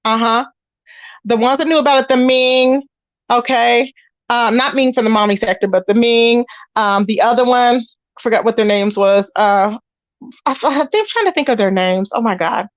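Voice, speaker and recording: Host, woman, high voice, dry close sound, animated gossip storyteller. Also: normal speed, dry recording, lo-fi sound. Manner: animated storytelling, acts out quoted voices, talks straight to viewers. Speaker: commentary channel host. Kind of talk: casual gossip commentary.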